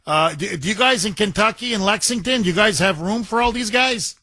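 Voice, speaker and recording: Emphatic, bright-voiced talk radio host man. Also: sits high, fairly quick, no echo. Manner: emphatic, combative, jokes with callers. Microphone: studio microphone.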